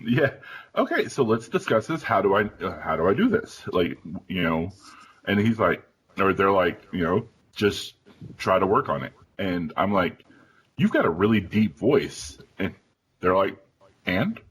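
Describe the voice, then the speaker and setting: A man in his thirties hosting a round-table discussion, telling an animated story with acted-out family dialogue. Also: low-pitched, a little slow, a little hiss or hum, low-quality recording. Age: 30s. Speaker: podcast host.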